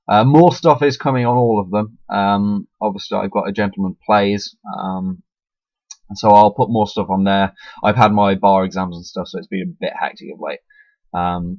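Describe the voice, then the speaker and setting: A man's voice: on the low side, dry recording. A young man talking casually into his webcam, rambling and self-deprecating, with lots of restarts and the hiccups. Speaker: YouTuber. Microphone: webcam mic. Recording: dull lo-fi webcam audio, dry.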